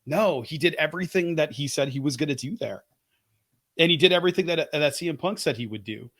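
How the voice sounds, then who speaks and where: A man talks through his picks in a casual podcast chat, eager and opinionated, thinking out loud as he goes. His voice sits in a middle range and comes across dry and close, with no room around it. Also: mid-range voice, dry recording. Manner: enthusiastic, opinionated, thinks aloud. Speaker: podcast co-host.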